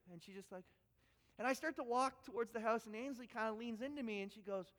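A middle-aged Canadian man preaching to his congregation, pitched high for a man. He tells stories with animated energy and often repeats words as he goes. His voice rings with the long reverb of a large church hall. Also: a little fast. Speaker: pastor. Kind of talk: sermon. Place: church sanctuary.

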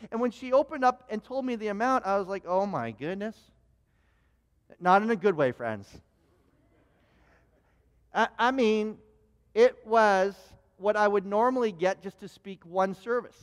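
A man preaching a sermon, telling a personal story in an animated way, with frequent restarts and stammered repeats. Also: high-pitched, normal speed. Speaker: pastor. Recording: long hall reverb.

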